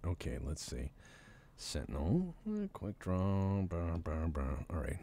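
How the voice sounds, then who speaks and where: A man's voice: sits low, huge pitch swings, takes it slowly, mellow. A man streaming a video game, giving casual, joking commentary and talking to himself as he plays. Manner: joking, rambling, talks to himself.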